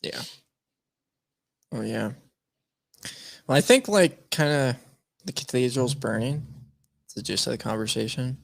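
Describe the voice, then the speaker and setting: A man's voice: mid-range voice, animated, measured pace, vocal fry, pauses often, no room sound, clean studio sound. A man co-hosting a podcast, trading sarcastic jokes in casual chat. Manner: sarcastic, joking banter. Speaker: podcast co-host.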